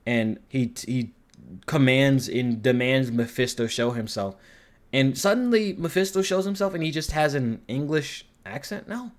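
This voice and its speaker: Male reviewer, casual and rambling, mid-pitched, swears a lot. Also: measured pace. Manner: rambling, profane, animated. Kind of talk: casual commentary.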